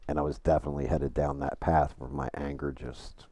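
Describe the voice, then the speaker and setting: A middle-aged man with an extremely low, dark voice, chatting on a live game stream. He swears often and tells long, rambling stories full of restarts. The sound is dry and close. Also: level tone, brisk, husky, no echo. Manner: profane, storytelling, rambling with restarts. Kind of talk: casual live-stream chat while gaming.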